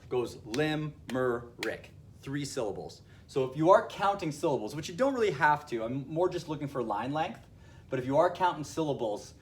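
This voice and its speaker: A male teacher explaining a classroom lesson to his students, speaking slowly and repeating himself. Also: mid-range voice. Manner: explaining slowly with fillers and restarts.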